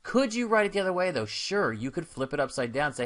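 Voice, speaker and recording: A man's voice: medium pitch, lively intonation, fairly quick, fairly bright tone. A man teaching a recorded math lesson in an upbeat, casual and encouraging way, with slangy asides.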